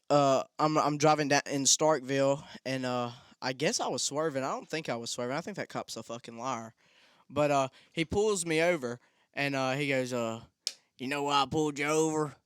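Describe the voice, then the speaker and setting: Rambling young man, smooth voice. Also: on the high side, fairly bright tone, dry recording, studio quality. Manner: rambling, swears a lot, frequent restarts. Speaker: podcast co-host. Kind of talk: casual storytelling chat.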